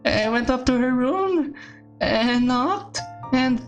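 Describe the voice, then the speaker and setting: A woman's voice: a little high, monotone, fast, faint music behind, voice pushed up, lightly acted. A woman voicing a small teenage girl who stumbles over her words between sobs. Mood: distraught. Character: teenage girl, small and pink-haired, sobbing and panicked.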